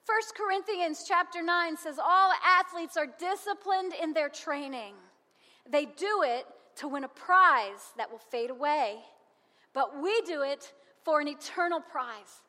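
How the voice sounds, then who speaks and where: A woman preaches from the pulpit in a high, bright voice, laughing easily and hammering points home through repetition. Her voice rings in a church hall with a long echo. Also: unhurried. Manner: lively, humorous, emphatic and repetitive. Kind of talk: sermon.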